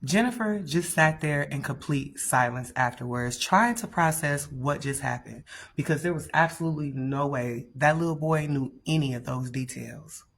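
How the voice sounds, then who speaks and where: A woman telling a spooky story in a lively, expressive way, talking straight to the listener. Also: low voice, moderate pace, creaky, hardly any pauses, a little hiss or hum. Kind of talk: dramatic scary story narration.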